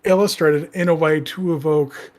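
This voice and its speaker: Slightly high-voiced man posing questions. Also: steady tone, moderate pace, a little mellow. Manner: questioning, thinks aloud with many "like"s. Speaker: podcast co-host. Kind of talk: casual podcast discussion.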